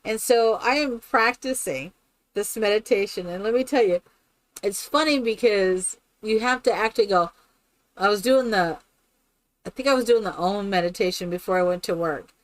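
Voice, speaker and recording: A woman streaming a game who chats casually and tells stories in an animated way. She laughs often and keeps asking "right?". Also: medium pitch, normal speed. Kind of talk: casual chat while playing a game.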